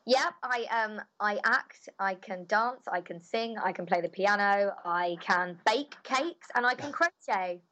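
A woman's voice: medium pitch, a little slow, few pauses, bright, forceful tone. A cheerful young woman, a voice actor answering interview questions in a chatty, bubbly way.

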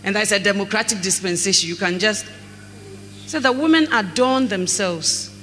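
Preacher mid-sermon, very high and bright voice, slow scripture reading, reverberant hall. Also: male voice. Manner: slow scripture reading, lively storytelling with acted dialogue. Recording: echoey hall, faint mains hum.

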